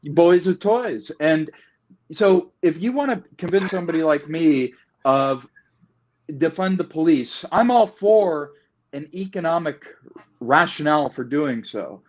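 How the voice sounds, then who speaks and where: A man talking in a political discussion, emphatic and repetitive, building his points in long animated runs. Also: fairly high pitch, measured pace. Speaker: guest. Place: Puget Sound area.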